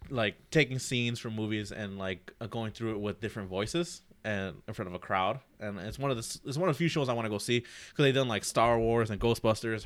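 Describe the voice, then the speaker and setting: Easygoing low-voiced man rambling. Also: a bit bright, smooth. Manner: easygoing, rambling with many fillers. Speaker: podcast co-host. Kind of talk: casual chat.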